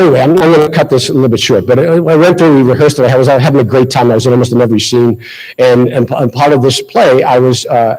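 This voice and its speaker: A man's voice: mid-range voice, breathy edge, rough recording. A middle-aged man with a Boston accent, telling a self-deprecating story in a speech at a school ceremony. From Massachusetts. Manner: anecdotal, self-deprecating, lively retelling. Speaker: ceremony speaker. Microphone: handheld mic.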